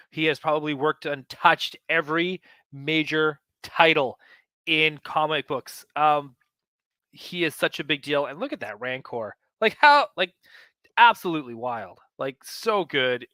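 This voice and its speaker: Enthusiastic man with a bright clear voice. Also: on the high side, no echo. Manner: enthusiastic, rambling with many fillers. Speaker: host of a collecting show. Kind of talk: casual chat flipping through a magazine.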